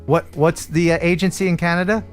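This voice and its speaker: Man, American, slightly higher voice, chatty joking host who slips into lively sponsor reads. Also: fairly quick, soft background music. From United States. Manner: chatty, joking, enthusiastic pitchman. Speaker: livestream host. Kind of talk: casual livestream chat and sponsor reads.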